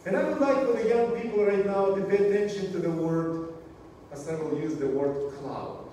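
A male pastor with a high, mellow voice delivers a sermon at a measured pace. He often sinks to a near murmur to stress a point. He is heard from far off in a church hall with strong echo, over faint room noise. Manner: slow, measured delivery with dramatic drops in volume. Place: church sanctuary.

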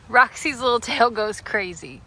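Slow-talking woman outdoors on a farm. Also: fairly high pitch, pushed and bright. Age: adult, working a day job. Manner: coos and baby-talks to goats, laughing often. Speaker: farm vlogger. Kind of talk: casual vlog narration.

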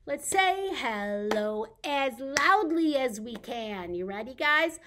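A woman leading a recorded baby storytime at a library, talking in an animated sing-song way for babies and caregivers. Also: high voice, unhurried, creaky, a little hiss or hum. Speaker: children's librarian. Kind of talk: baby storytime with songs and reading.

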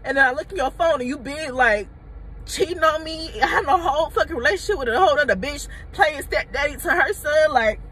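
A woman's voice: high-pitched, fairly quick, a bit bright, a little hiss or hum, low-quality recording. Candid, profane young woman storyteller. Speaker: mommy YouTuber. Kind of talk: storytime vlog.

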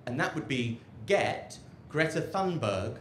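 A man with a mid-range voice and lively intonation performs slow, sardonic stand-up at a rooftop comedy club, rambling and interrupting himself. The audio carries slight background noise, venue echo and a loud crowd.

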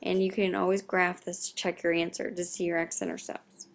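A young woman, a math teacher, explaining a recorded lesson in a quiet, half-whispered voice. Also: on the low side, flat delivery, normal speed.

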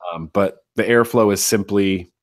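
A man's voice: lowish voice, a little slow, dry recording, clean studio sound. A man talking as a guest in a casual interview, enthusiastic and repeating phrases for emphasis. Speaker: guest, atomizer designer.

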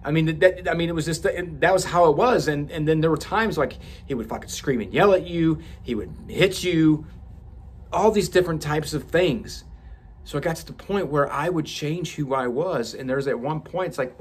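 A man's voice: a little high, moderate pace, slightly rough. A man speaking candidly and with profanity as a podcast host, telling a personal story with frequent restarts.

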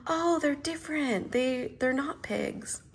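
A young adult woman reading picture books aloud to children, chatting with her young listeners in an animated, warm-hearted way. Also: high voice, takes it slowly. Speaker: storyteller.

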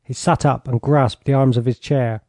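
A man narrating an audiobook in a measured, even storytelling manner on a close studio mic. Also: mid-range voice, dry recording. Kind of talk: scripted narration.

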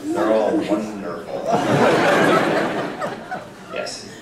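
A man's voice: on the low side, fairly even intonation, very slow. A man from the United States taking audience questions at a live event, joking and mocking himself. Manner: joking, wry, self-mocking. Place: large hall with a live audience. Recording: echoey hall, distant mic, loud crowd noise.

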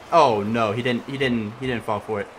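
A young man giving casual gameplay commentary as he plays, excitable and swinging between loud yelling and mumbled asides. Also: medium pitch, background noise. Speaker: gaming commentator.

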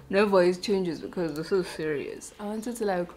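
A woman's voice: medium pitch, a little mellow, a little hiss or hum. A young woman, a beauty vlogger chatting casually and self-mockingly while doing her makeup.

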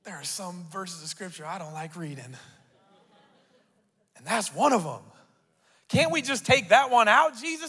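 Man preaching, high pitched, rising to loud declarations, long hall echo. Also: lively intonation, unhurried, long pauses, husky. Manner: reads scripture aloud and asks the crowd to repeat. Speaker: pastor. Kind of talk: sermon.

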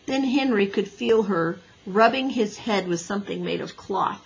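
A woman gently narrating a children's storybook in a breathy voice. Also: mid-range voice, steady tone, moderate pace, hardly any pauses, lo-fi sound. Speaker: audiobook reader.

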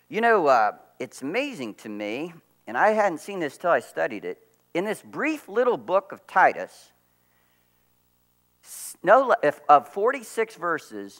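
A middle-aged man preaching a sermon as pastor, telling stories with lively swings from quiet to loud. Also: slow. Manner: animated storytelling, big swings in pitch and volume.

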